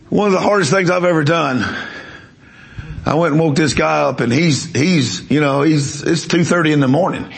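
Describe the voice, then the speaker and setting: A man's voice: fairly high pitch, vocal fry. A man preaching a sermon, telling a story emphatically and repeating words as he builds it.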